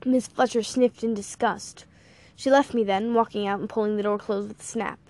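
A woman's voice: mid-range voice, steady tone, normal speed, darkish tone, dry recording. A woman narrating a first-person audiobook in a wry, playful storytelling manner.

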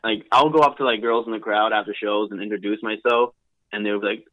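A man's voice: on the low side, fairly even intonation, a little fast, no echo, phone-quality sound. A young man in his twenties, a wrestler guesting on a podcast, rambling casually with lots of fillers. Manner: loose, rambling, heavy on fillers.

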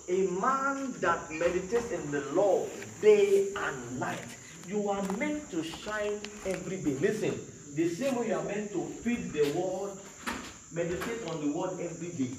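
Preaching with emphasis, this man repeats himself and puts questions to the congregation in a high, somewhat bright voice. He is captured at a distance in a strongly reverberant hall, with a little background noise.

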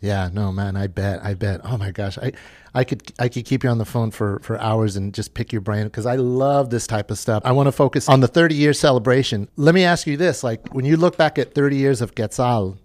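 Brief: mid-pitched male host, casual and eager, dry close sound. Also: a little fast, a little mellow, no room sound. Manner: eager, chatty questions with filler words. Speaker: podcast host. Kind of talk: casual interview.

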